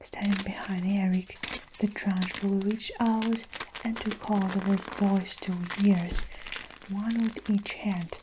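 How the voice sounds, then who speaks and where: A woman reading a children's story aloud in a soft whispered role-play for ASMR. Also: mid-range voice, steady tone, slow pace, background noise. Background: faint soap crushing and crinkling.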